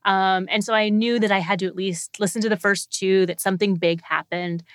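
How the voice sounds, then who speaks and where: A woman's voice: mid-range voice, steady tone, fairly quick, no room sound. A woman guest on a podcast in casual chat, hesitant and thoughtful with frequent ums. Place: shared recording room.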